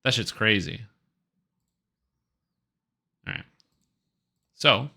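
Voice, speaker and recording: A man's voice: lowish voice, lively intonation, drawn-out words, gravelly, sharp tone. A man streaming a video game, chatting casually in a rambling, offhand and opinionated way. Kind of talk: casual live-stream commentary.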